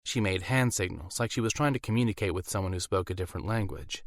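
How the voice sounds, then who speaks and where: A man narrating a fantasy audiobook in an even, measured reading. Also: deep voice, no echo, clean studio sound.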